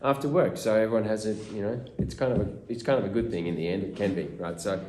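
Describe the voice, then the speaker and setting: A man with an Australian accent, an actor telling casual behind-the-scenes anecdotes to fans at a convention meet-and-greet, animated and full of restarts. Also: fairly low pitch, fast talker. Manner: animated storyteller, acts out quotes, many restarts. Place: small room at a fan convention. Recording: echoey room.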